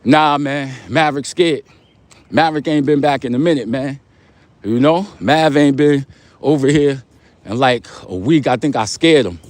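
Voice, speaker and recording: A young man hosts his livestream in a mid-pitched, everyday voice. He talks in street slang, hammering his points home by saying them twice. He gives advice and shout-outs in a loose, motivational way. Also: normal speed, dry recording. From Long Island, New York. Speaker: livestream host. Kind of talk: casual livestream talk.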